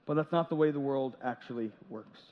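A pastor preaches a sermon in a large church sanctuary, speaking briskly at medium pitch. He keeps it conversational, adding jokes and little acted-out quotes. The audio is dull, with long church reverb.

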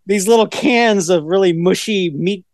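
A man's voice: high-pitched, moderate pace, no room sound, studio quality. A middle-aged man co-hosting a casual podcast chat, rambling from one story to the next with many restarts. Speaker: podcast co-host.

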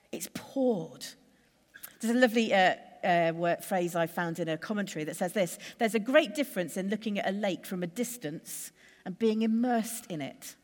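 A woman preacher giving a sermon in a measured, conversational way, building lists with steady pauses. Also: mid-range voice, in a large hall.

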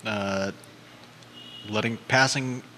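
A man's voice: lowish voice, steady tone, takes it slowly, sharp tone, in a large hall. Dry, hesitant male co-host. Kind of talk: casual banter.

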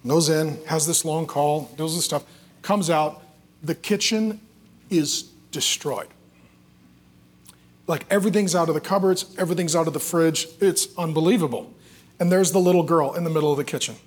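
A middle-aged man preaching like he is chatting with friends, leaning on family stories and dry, self-mocking jokes. His voice sits fairly high for a man, with a husky, breathy edge, and he moves easily from punchlines to earnest points. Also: normal speed, pauses often. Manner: joking, self-deprecating storyteller. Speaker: pastor. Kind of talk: conversational preaching with anecdotes.

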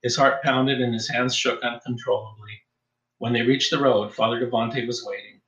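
Male audiobook narrator, steady, mid-pitched, roomy echo. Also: moderate pace. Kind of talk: scripted narration.

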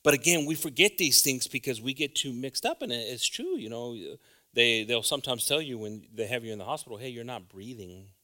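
A man preaching an informal sermon, talking conversationally and checking in with the congregation, then building to loud, fervent exhortation. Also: mid-range voice, animated, fairly quick. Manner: conversational, often asks the congregation "right?".

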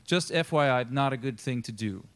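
A man's voice: mid-range voice, normal speed, clear, resonant tone. A man preaching a sermon as a pastor, telling Bible stories in a casual, chatty way and acting out the characters' lines. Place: church.

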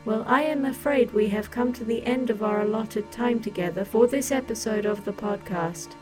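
A woman's voice: fairly high pitch, normal speed, over music, rough recording. A woman co-hosting a comedy podcast, asking questions and closing the show in a stiff, formal, mock-serious way. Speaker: co-host interviewer.

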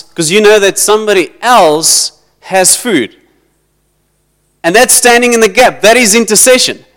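A man preaching, his voice pitched high and ringing clear. He acts out little dialogues as he preaches. The sound carries a long reverb from the church hall around him. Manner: animated, acts out dialogue, switches between English and Afrikaans. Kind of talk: sermon.

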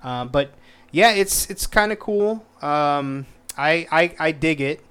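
A man's voice: on the high side, expressive, takes it slowly, fairly bright tone, smooth, dry recording. A man hosting his own podcast, rambling casually with lots of profanity, stumbling over words and getting exasperated. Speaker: podcast host. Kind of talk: casual solo podcast review.

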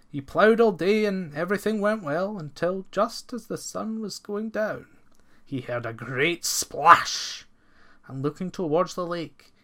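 A man reading a folk tale aloud in a measured, expressive storybook narration. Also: on the high side.

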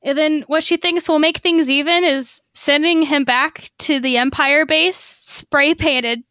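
A woman podcast co-host recaps an episode in a loose, chatty way, swearing and slipping into quoted lines. Her voice sits high. The sound is dry and close to the mic. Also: steady tone, measured pace, pushed and bright, no echo. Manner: chatty, profane, lots of fillers and acted quotes.

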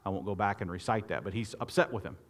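A man preaching a sermon, lively and expressive, often repeating words and restarting phrases as he talks. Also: fast. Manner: expressive preaching, rising loud and high when quoting Moses. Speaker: pastor.

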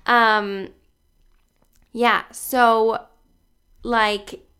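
A woman's voice: fairly high pitch, flat delivery, drawn-out words, bright, forceful tone, clear, resonant tone. A woman talking casually as a health coach on a livestream, chatty and full of "like" and "you guys", greeting viewers by name as they join.

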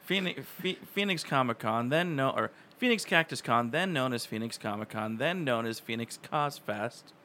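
A man's voice: medium pitch, animated, moderate pace, few pauses, bright, forceful tone, slight background noise. A man chatting casually on a panel, agreeable and stammering through restarts.

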